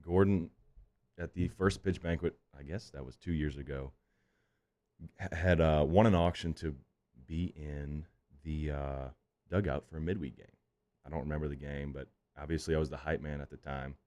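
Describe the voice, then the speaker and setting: A man's voice: extremely low pitch, fairly even intonation, normal speed, a little mellow. A man as a guest on a sports radio show, easygoing and laughing along in casual chat. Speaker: guest, former college baseball player.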